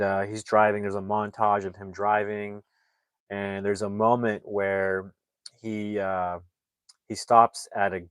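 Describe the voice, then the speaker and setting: A man's voice: on the low side, no echo. A man reviewing a movie, casually retelling the plot in a rambling way with lots of fillers and restarts.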